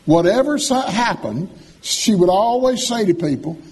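A man preaching a sermon, folksy and animated, swinging from loud calls to soft asides. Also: sits high, normal speed.

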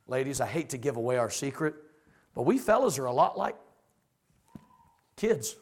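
A man's voice: mid-range voice, unhurried, breathy edge. A man preaching a sermon as pastor, folksy and plain-spoken, who acts out the voices of the people he talks about. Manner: animated, acts out quoted voices.

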